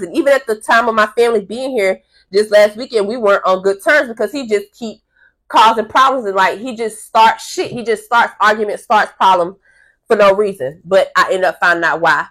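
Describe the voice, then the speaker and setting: A woman telling a long personal story to her camera in a casual, animated way, swearing freely and acting out the people in it. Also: mid-range voice.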